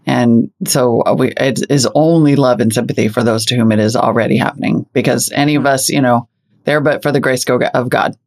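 A podcast co-host in casual conversation, speaking at an average pitch. Supportive and quick to agree, they chime in and back up the other speaker. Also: fairly even intonation. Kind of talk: casual chat.

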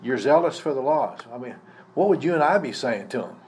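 A man's voice: mid-range voice, expressive, a little fast, darkish tone. A male pastor giving a live sermon, teaching conversationally and putting questions to the congregation. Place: church service. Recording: faint background noise from a live service.

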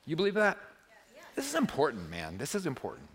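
A male pastor preaching a sermon in a church, playful and animated, swinging from loud, excited bursts to hushed, quiet passages. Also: a little high, a little fast, slightly rough.

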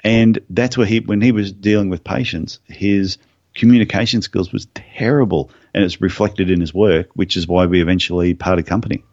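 A man's voice: low-pitched, normal speed, dry recording, muffled recording. A man who is a podiatrist, guest on an interview podcast, telling anecdotes in a casual way. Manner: storytelling, animated anecdotes.

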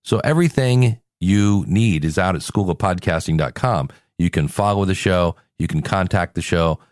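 A man's voice: deep voice, moderate pace, a little mellow, no echo, studio quality. A male podcast host talking casually on his show, tired and sick with a cold, rambling and joking at himself. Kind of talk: casual solo podcast talk.

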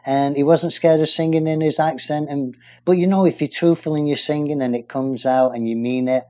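A man's voice: fairly high pitch, steady tone, fairly quick, mellow. A man from England co-hosting a casual music chat show, talking in a rambling, enthusiastic way. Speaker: radio show co-host.

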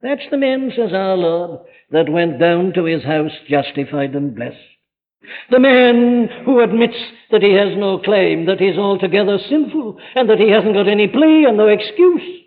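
An impassioned man preaches a sermon, driving his point home with one rhetorical question after another. His voice sits fairly high and carries through a chapel with a long, ringing reverb. The old archive recording is thin and narrow, almost like a phone line. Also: lively intonation, measured pace.

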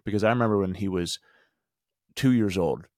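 A man's voice: on the low side, brisk, darkish tone, dry recording, clean studio sound. A man in his thirties hosting a podcast, telling a personal story in an earnest, conversational way and driving home lessons with rhetorical questions. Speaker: podcast host and men's group coach. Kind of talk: motivational storytelling monologue.

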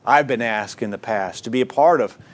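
A man preaching a sermon, earnest and exhorting, who reads scripture aloud in a measured cadence and swings between quiet, low passages and loud, rising emphasis. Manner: earnest preaching with wide swings in pitch and volume.

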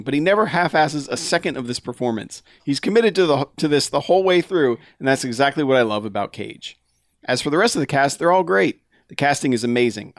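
A man's voice: mid-range voice, dry recording, clean studio sound. A man co-hosting a podcast, reading a listener's email aloud in a casual, laughing way. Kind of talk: casual chat.

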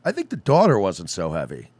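A man's voice: low-pitched, huge pitch swings, brisk, darkish tone, husky, dry recording. A man co-hosting a podcast, telling crude stories in casual chat and quoting what he and others said. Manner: crude, joking, quotes himself and others. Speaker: podcast co-host.

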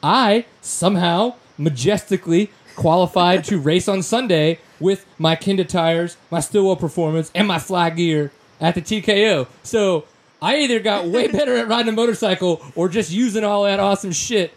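A man's voice: high-pitched, normal speed. A man from Louisiana hosting a casual podcast chat, joking loosely and reading sponsor plugs with slang. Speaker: podcast host.

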